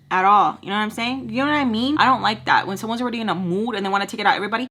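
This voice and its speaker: Young woman, bright and forceful tone, chatty storyteller with Spanish slips, seated at home. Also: mid-range voice, rapid-fire, hardly any pauses. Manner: chatty, rambling asides, slips in Spanish words. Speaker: storytime vlogger. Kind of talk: casual storytime chat while doing makeup. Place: at home, getting ready at a makeup table.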